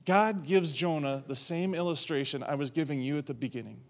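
A man preaching a sermon, telling a story with animated delivery, playful asides and acted-out quotes. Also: on the high side, fairly quick, vocal fry. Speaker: pastor.

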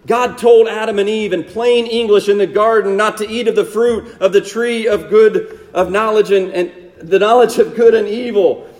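A man preaching a sermon, asking rhetorical tag questions and dropping to a hushed low voice for emphasis. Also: fairly even intonation, moderate pace, few pauses. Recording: long hall reverb.

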